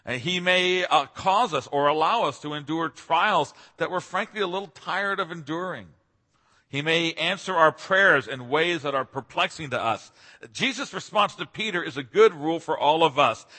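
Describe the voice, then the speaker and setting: A man preaches an earnest expository sermon, and his voice lifts to stress key points. His tone is bright but somewhat husky. The sound carries a long reverb, as if from a large hall. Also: on the high side. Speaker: pastor.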